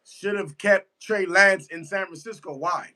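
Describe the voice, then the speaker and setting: A man's voice: high-pitched, measured pace, bright, forceful tone. A man giving a casual live reaction to a football game, emphatic and repetitive, answering his chat as he goes. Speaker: sports fan streamer.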